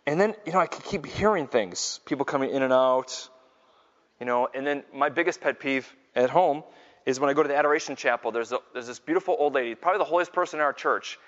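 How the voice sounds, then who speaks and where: Animated man preaching in an echoing hall. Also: mid-range voice, quick pace. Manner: animated, self-mocking storytelling that builds to loud exclamations. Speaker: Catholic speaker and Scripture teacher. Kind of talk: live faith talk with storytelling. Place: large hall with a live audience. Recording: dull lo-fi sound with long hall reverb.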